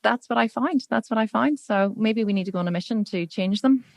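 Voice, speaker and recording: A woman with a Northern Irish accent hosting a podcast interview, telling stories in an animated, chatty way. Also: on the high side, vocal fry, no echo. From Northern Ireland. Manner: animated, rapid storyteller. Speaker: podcast host. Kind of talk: casual interview chat.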